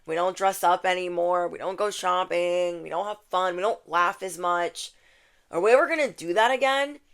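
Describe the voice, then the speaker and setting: A woman's voice: lowish voice, normal speed, creaky, a bit bright, clean tone. A woman voicing a restless inner child who pleads to go out and play, in a whiny tone. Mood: pleading.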